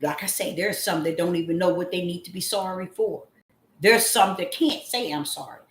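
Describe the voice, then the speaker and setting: A woman calling herself a prophetess, giving a slow spoken devotional message. She draws her words out and breaks into loud cries of apology. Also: fairly low pitch, steady tone, roomy sound. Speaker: self-styled prophetess.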